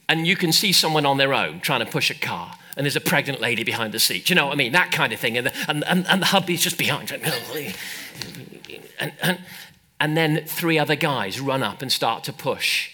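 Bright-voiced preacher, emphatic. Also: male voice, mid-range voice, moderate pace. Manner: animated, emphatic, calls out to congregation. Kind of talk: sermon.

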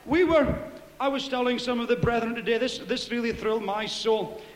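A man preaching a fervent Pentecostal sermon, telling stories and shouting hallelujahs. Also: extremely high pitch, normal speed, roomy sound, long reverb tail. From Scotland.

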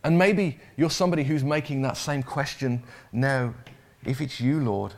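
A man's voice: medium pitch, normal speed, darkish tone. A man preaching a sermon in a conversational way, often repeating words and putting questions to the congregation.

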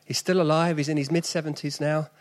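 A man's voice: a little high, little pitch movement, fast talker. A man in his forties with a South East London accent, preaching an earnest, conversational sermon with sudden emphatic rises.

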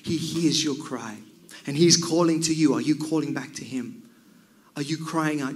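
A man preaching a sermon, swinging from loud cries down to near whispers. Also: a little high, moderate pace.

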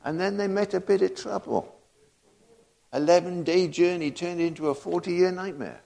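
A man's voice: sits high, normal speed, gravelly, dark tone. A man preaching a sermon, full of rhetorical questions and laughing asides.

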